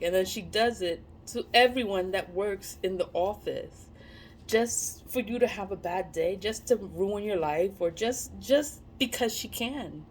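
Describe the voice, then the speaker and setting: A woman's voice: mid-range voice, unhurried, darkish tone, slight background noise. A young woman talking casually to camera, blunt and profane, laughing often as she speaks. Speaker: vlogger.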